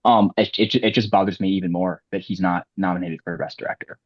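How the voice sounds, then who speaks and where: Low, husky-voiced male co-host. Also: fairly even intonation, fast, no echo, highs cut off. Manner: rambling, many restarts. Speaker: podcast co-host. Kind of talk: casual chat.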